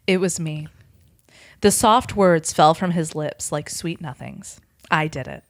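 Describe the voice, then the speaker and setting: A woman podcast host reading a fan fiction story aloud, voicing the dialogue in a hushed, deadpan way. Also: sits low, unhurried, no echo, clean studio sound. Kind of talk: casual reading aloud with chat.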